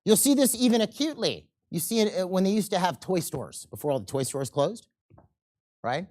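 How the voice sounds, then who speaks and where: A man teaching a seminar, animated and often checking in with the audience, and acting out quoted people in changing voices. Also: high voice, brisk. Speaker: seminar instructor. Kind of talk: live seminar lecture.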